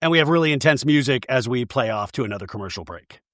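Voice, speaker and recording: A man's voice: medium pitch, animated, fast, a bit bright, no echo, clean studio sound. A man hosting a podcast, recapping a show with wry, sarcastic asides. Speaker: podcast host. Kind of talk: comedic episode recap.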